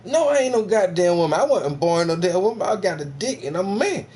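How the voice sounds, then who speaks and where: Animated, profane American man ranting. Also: high-pitched, quick pace. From United States. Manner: profane, animated, laughs often, mocking asides. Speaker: video commentator reacting to a podcast clip. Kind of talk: casual profane reaction rant.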